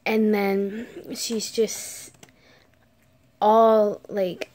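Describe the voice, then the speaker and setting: Woman vlogger, story time, unhurried pace, casual, whispers for suspense. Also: mid-range voice, flat delivery, a little mellow.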